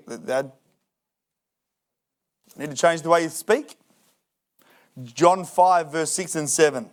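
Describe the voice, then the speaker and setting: A man's voice: on the high side, moderate pace, pauses often. A man preaching a sermon in a church, joking and acting out people's excuses. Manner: lively, jokey preaching with acted-out excuses. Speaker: pastor. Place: church hall.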